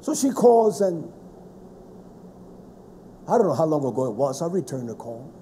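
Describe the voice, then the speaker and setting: A man preaching a fiery sermon, forceful and scolding, with heavy emphasis. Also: fairly high pitch, very animated, moderate pace, a little hiss or hum.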